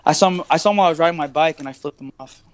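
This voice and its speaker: A man's voice: on the high side, racing. Young man telling a heated, profane story. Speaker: podcast guest, barber and rapper. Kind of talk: casual storytelling chat.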